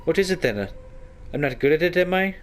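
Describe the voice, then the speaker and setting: A man's voice: on the high side, animated, quick pace, slight background noise, pitched above the performer's own voice, lightly acted. A man voicing a prickly fiery young rogue woman. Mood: defensive. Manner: ends sentences with echoing tags.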